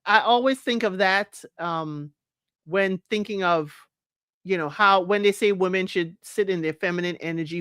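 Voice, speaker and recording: A woman's voice: mid-range voice, moderate pace, fairly bright tone, clean tone, no echo, studio quality. Chatty woman hosting a live recap. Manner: chatty, laughing often, reads comments aloud. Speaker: podcast host reading live chat. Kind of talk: casual live recap chat.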